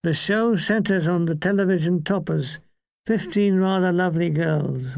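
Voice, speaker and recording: An older man reading his own comic war memoir in a wry, deadpan way. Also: sits high, measured pace, creaky, no echo.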